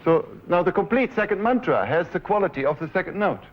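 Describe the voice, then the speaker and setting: A man's voice: sits high, lively intonation, fast talker, a little hiss or hum. A man in his forties with a German accent, a composer giving a lecture who explains his piece step by step and directs the players, sometimes humming the phrases. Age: 40s. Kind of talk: lecture with live musical demonstration. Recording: dull 1970s lecture recording. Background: faint piano music.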